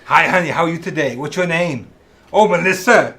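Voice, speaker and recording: A man's voice: fairly high pitch, brisk, bright, forceful tone. A man joking and laughing as he greets strangers and poses as a celebrity. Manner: laughing, playful, friendly greetings. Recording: noisy background.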